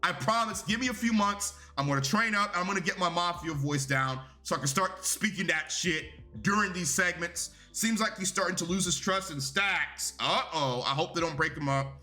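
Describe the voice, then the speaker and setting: A man's voice: high-pitched, normal speed, few pauses, bright, forceful tone, soft background music. A young man giving a casual, rambling and profane review of a wrestling show.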